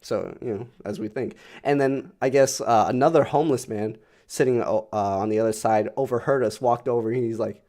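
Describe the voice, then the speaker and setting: A man's voice: medium pitch, a little fast. Rambling, swearing young guy. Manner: rambling, profane, animated storytelling with many fillers. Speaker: podcast co-host. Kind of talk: casual storytelling chat.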